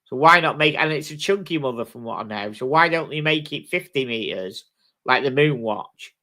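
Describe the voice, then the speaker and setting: A man's voice: medium pitch, expressive, normal speed, pushed and bright. A British man hosting a live stream, chatting casually with viewers in a blunt, sweary way. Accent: British English. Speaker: livestream host. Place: home streaming setup.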